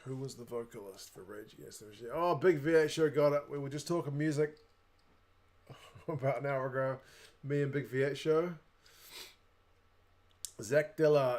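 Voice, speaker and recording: A man's voice: mid-range voice, a little mellow. A young adult man with a New Zealand accent, hosting a casual livestream, chatting away and reading viewer comments aloud. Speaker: livestream host.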